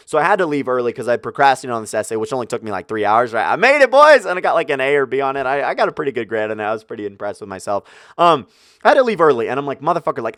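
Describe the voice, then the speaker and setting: A man's voice: medium pitch, a bit bright, dry recording, clean studio sound. A young man telling a personal story to his viewers, swearing freely and acting out his own angry outbursts. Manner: profane, ranting, acts out his own outbursts. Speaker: vlogger. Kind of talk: casual storytelling.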